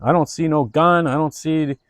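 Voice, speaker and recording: A man's voice: fairly high pitch, steady tone, moderate pace, a bit bright, no echo, clean studio sound, pitched above the performer's own voice, lightly acted. A man voicing a bemused male police chief who asks what is going on. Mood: puzzled. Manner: bemused, questioning.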